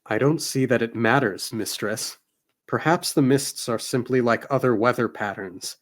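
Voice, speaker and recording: A man's voice: mid-range voice, moderate pace, close to an everyday voice. A man reading aloud as a shapeshifting wolfhound servant, speaking formally and submissively. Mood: dutiful.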